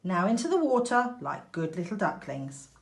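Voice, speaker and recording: A woman voicing a fussy, loving mother duck in a storybook reading, firm and motherly, a little higher and louder than her narration. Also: sing-song, moderate pace, creaky.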